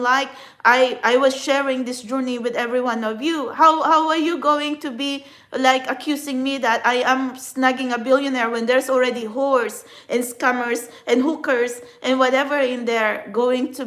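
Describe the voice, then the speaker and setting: A woman's voice: high voice, fairly bright tone. A woman whose first language is a Filipino dialect, vlogging about her past in a rambling, emotional way with many restarts. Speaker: spiritual vlogger. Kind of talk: emotional personal vlog.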